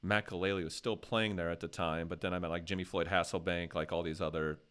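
American man, very low voice, casual podcast host, rambling, jokey. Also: steady tone, fast, fairly bright tone, clean tone. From USA. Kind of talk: casual chat.

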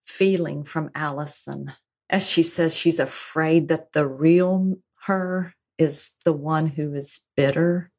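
A woman with a low voice who speaks slowly and tenderly. She lingers on key phrases as she reassures a listener in a reflective spiritual chat. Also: vocal fry.

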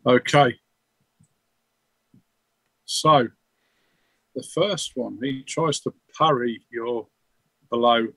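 A man's voice: medium pitch, drawn-out words, vocal fry, pauses often, a bit bright, dry recording, rough recording. A man narrating a tabletop game as game master, rambling loosely with many fillers.

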